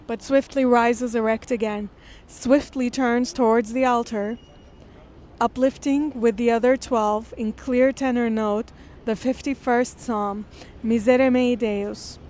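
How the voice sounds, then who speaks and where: A woman reading a classic text aloud and pausing to explain it. She speaks in an earnest, thoughtful way. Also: a little high, fairly even intonation, darkish tone. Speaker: literature lecturer. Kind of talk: reading aloud with close-reading commentary.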